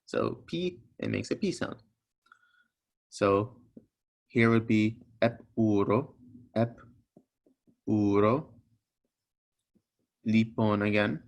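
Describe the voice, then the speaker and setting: A man's voice: on the low side, slow, creaky, long pauses. A young man teaching a recorded language lesson, patiently explaining each sound step by step and repeating examples.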